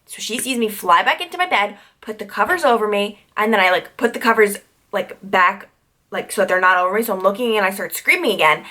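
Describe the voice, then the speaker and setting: A woman's voice: medium pitch, animated, brisk, pushed and bright. Young woman from new york doing a storytime vlog, chatty, lots of "like", goes off on tangents. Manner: chatty, full of "like" fillers and tangents. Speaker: YouTuber.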